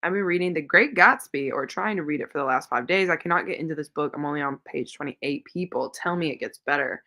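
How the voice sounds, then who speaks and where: A woman with a low, gravelly voice that sounds pushed and bright speaks quickly as host of a casual reading sprint livestream. She chats, reads out viewer comments and responds, and tells rambling personal stories.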